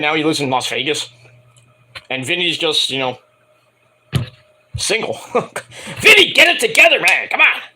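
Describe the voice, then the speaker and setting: A man rants through his wrestling review, rambling and cursing as he goes. His voice sits high and sounds bright and sharp. He swings wildly up and down in pitch as he talks. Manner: profane, rambling, mocking voices in quotes. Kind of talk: casual ranting review.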